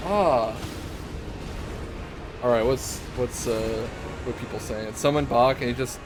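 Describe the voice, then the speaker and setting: A young man streams a game live, chatting casually while he plays, swearing plenty and giggling through the banter. His voice sits at a medium pitch with a steady tone, and he talks slowly with long pauses. Game music is clearly audible behind him.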